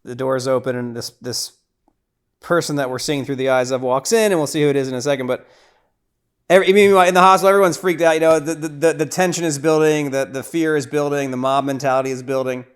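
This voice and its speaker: A man's voice: medium pitch, quick pace, clean tone. A man hosting a podcast, casually recapping a horror movie scene by scene, with lots of restarts and repeated words. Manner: grows loud and excited at gory scenes. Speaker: podcast host.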